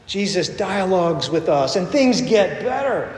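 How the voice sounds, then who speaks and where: High-voiced man preaching in an echoey sanctuary. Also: sing-song, unhurried, few pauses, a little mellow. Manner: conversational storytelling, acts out quoted voices. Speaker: pastor. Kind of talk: sermon. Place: church sanctuary. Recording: echoey long reverb of a sanctuary.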